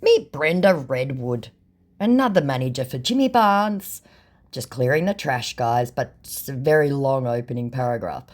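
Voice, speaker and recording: Sarcastic woman with a lively, swooping voice. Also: a bass voice, normal speed. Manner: sarcastic, dryly amused storytelling. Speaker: vlogger reading scam chats. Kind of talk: casual chat.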